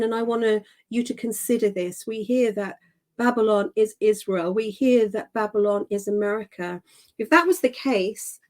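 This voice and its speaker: A woman's voice: fairly high pitch, a little mellow. A woman host reading scripture aloud and explaining it, stressing key words and repeating phrases for emphasis. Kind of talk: emphatic scripture teaching on a live show.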